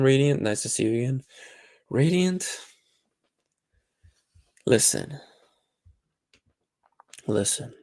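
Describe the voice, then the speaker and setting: A man's voice: medium pitch, creaky, no echo. A man hosting a casual live watch-along, groggy and dry-throated from just waking up, rambling and flustered as he talks to himself and his chat. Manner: rambling, self-talking, flustered. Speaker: livestream host. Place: home room at a desk.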